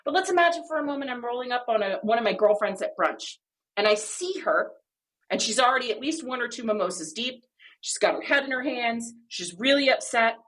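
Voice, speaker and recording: A woman's voice: a little high, lively intonation, brisk, a bit bright. A woman co-hosting a podcast, explaining ideas in an emphatic, playful way with many rhetorical questions. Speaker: podcast co-host.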